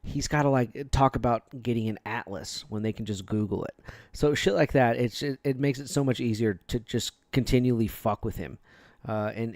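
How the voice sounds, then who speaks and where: A man's voice: lowish voice, darkish tone, no echo, clean studio sound. A man giving casual, rambling commentary on a prank call, crude and laughing often.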